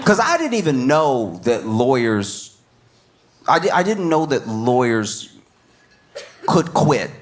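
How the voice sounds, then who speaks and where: A man's voice: medium pitch, sing-song, slow, pauses often. A man doing a stand-up comedy set, riffing with disbelief and repeating his lines for effect.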